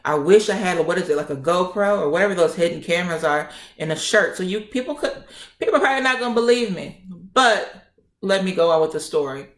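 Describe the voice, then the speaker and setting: A woman in her twenties telling a personal story in a feisty, animated way. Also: on the low side, quick pace. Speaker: vlogger. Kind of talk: casual storytime. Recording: roomy echo.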